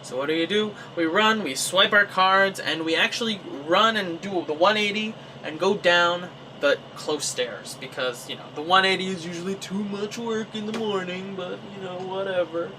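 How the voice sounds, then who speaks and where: A young Canadian man telling a personal story in a casual, animated way, acting out his own reactions. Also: high-pitched, normal speed, hardly any pauses, far from the mic, a little hiss or hum, rough recording. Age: young adult. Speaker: vlogger.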